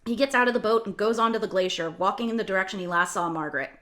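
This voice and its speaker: A woman reads stage directions in a plain, even manner. Her voice sits at a middle pitch. This is an online script reading. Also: rapid-fire.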